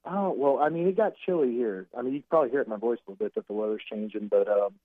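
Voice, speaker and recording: A man on a phone call, a recruiting analyst chatting casually as a guest and telling rambling, animated stories. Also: medium pitch, racing, no echo. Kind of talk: casual podcast chat by phone. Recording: dry tinny phone line.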